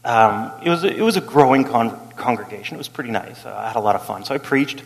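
A middle-aged male pastor preaching a sermon as an animated story, acting out the people he quotes and laughing as he goes. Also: medium pitch, fast, gravelly. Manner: animated, acts out quotes, laughs while telling. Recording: long hall reverb.

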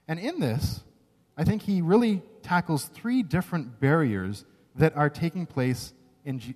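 A man's voice: medium pitch, a little mellow. A man preaching a sermon, earnest and emphatic, often checking in with "right?". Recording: long reverb of a large hall.

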